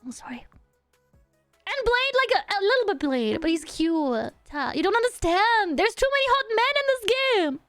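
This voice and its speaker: A woman's voice: very high-pitched, very animated, normal speed, fairly bright tone, no echo, faint music behind. A woman streaming live, chatting casually with her viewers in a bubbly, silly way and humming nonsense syllables between remarks. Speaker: virtual streamer. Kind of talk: casual livestream chat with viewers.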